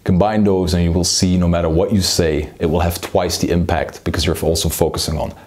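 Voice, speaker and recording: Guy coaching public speaking, lowish voice, goes slow and low then fast and excited. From Belgium. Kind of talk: public speaking lesson with demonstration.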